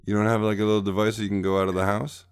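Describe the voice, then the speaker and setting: A man's voice: on the low side, level tone, rapid-fire, smooth. A man co-hosting a podcast over a video call, rambling and teasing in casual chat. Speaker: podcast co-host.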